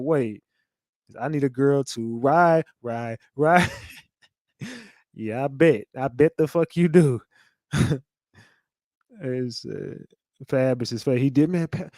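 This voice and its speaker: A man giving a casual commentary rant, animated and mocking, often breaking into laughter. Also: mid-range voice, no room sound, clean studio sound. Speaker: commentary channel host.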